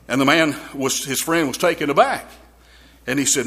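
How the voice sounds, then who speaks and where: A man's voice: on the high side, normal speed, a bit bright. A man preaching a sermon in a church, telling a folksy story with frequent restarts and repeated words.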